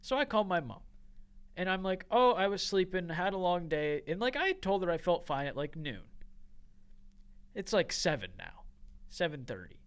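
A man's voice: sits high, normal speed, pauses often, smooth. A young man, a podcast co-host, telling a story in casual chat, full of "like" and laughing as he goes. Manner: animated, heavy use of "like", laughs while telling stories.

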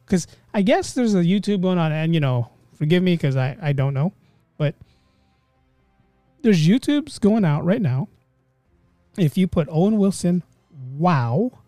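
A man hosting a casual solo podcast, talking in an animated, rambling way and often cutting himself off mid-thought. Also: high voice, dry recording. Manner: animated, rambling, self-interrupting. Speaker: podcast host.

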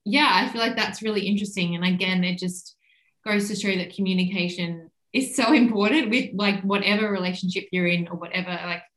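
A woman's voice: medium pitch, steady tone. Agreeable woman host in an echoey room. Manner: warmly agreeing, quick bursts of laughter. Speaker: podcast host. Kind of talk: casual chat.

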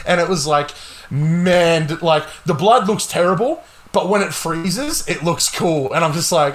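A young man hosting a casual gaming podcast, talking excitedly and swearing a lot. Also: on the high side, normal speed. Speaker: podcast host.

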